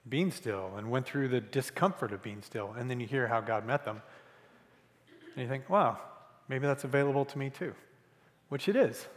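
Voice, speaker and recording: A man's voice: medium pitch, fairly bright tone. A man preaching a conversational sermon as pastor, earnest and repeating key phrases for emphasis. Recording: reverberant church hall.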